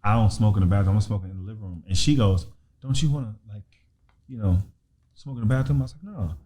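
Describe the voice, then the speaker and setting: Male comedian guest, low voice, relaxed slangy storyteller. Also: fast. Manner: laid-back, slangy storytelling with acted quotes. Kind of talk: casual storytelling.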